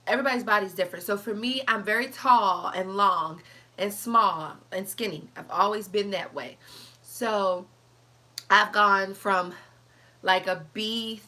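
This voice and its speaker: Young woman vlogger, casual chat to camera, bright tone, lively storyteller. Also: mid-range voice. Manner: animated storytelling, chatty, reads live comments.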